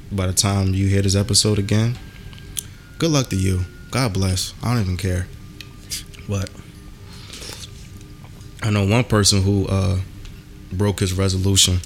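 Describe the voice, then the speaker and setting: A man's voice: on the low side, vocal fry, a little hiss or hum. A man hosting a podcast in casual chat, ranting animatedly and cursing a lot. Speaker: podcast host.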